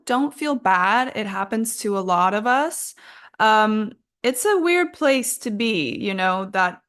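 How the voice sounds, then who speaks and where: Young female English teacher, podcast host; slow, patient, chatty and self-mocking. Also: mid-range voice, fairly bright tone, smooth. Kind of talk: casual podcast lesson.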